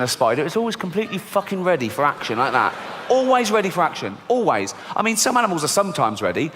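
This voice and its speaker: A middle-aged man with an English accent delivers a stand-up comedy set in a blunt, sweary way. His voice sits a little high for a man. It carries a long theatre reverb over a faint hiss. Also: fast talker. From England. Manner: animated storytelling with squeaky high voices for children. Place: large theatre stage before an audience. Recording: live theatre recording with long hall reverb.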